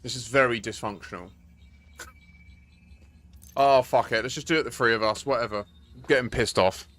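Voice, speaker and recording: A man's voice: mid-range voice, normal speed, a bit bright. A young man streaming a game, talking to his squadmates and swearing as he gets exasperated. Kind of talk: live gameplay chat with squadmates.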